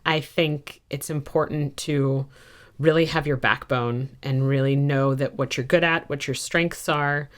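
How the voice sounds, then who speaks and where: A woman with a low-pitched voice chatting as a podcast guest. She tells her stories candidly and pokes fun at herself along the way. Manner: candid, self-mocking storyteller. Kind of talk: casual podcast interview.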